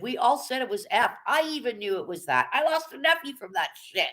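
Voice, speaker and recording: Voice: mid-range voice, very animated, brisk, a bit bright. A live streamer chats casually with viewers, blunt and often profane. The delivery is loose and conversational, and the streamer keeps checking in with the chat. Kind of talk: casual livestream commentary.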